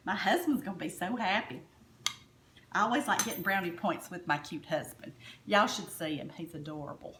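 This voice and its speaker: A woman from the US South, Alabama specifically, talks her viewers through a home cooking demo with folksy enthusiasm, repeatedly calling them "y'all." Her lowish, slightly bright voice moves at normal speed, and the kitchen sounds echoey with a bit of hiss or hum.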